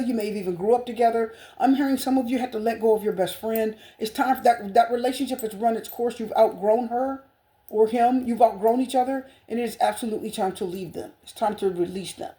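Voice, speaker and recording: A woman's voice: on the high side, fast, mellow. A woman giving a tarot reading to viewers, gushing and repetitive with a spiritual bent. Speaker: tarot reader.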